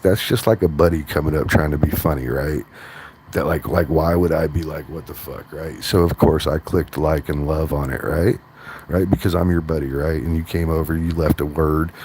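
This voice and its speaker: A man with an extremely deep voice rants on his vlog, rambling and swearing and tagging his points with right. He is in a vehicle, and steady road noise hums beneath his voice. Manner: profane, rambling, keeps asking right. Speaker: vlogger. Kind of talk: ranting vlog.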